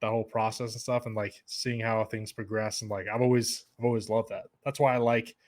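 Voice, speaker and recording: A man's voice: lowish voice, level tone, a little fast. A young adult man, a podcast guest, chatting casually and rambling with many fillers and restarts.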